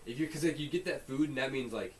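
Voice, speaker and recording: A man's voice: medium pitch, fast talker, crowd noise. A man co-hosting a podcast, joking around in casual chat and acting out little scenes in muttered voices. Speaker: podcast co-host. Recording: distant mic with faint hiss.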